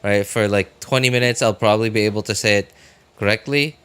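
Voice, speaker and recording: A man's voice: fairly low pitch, fairly even intonation, a little fast, a bit bright, smooth. A young man chatting casually with viewers while streaming a game, rambling with lots of fillers. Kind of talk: casual live-stream chat.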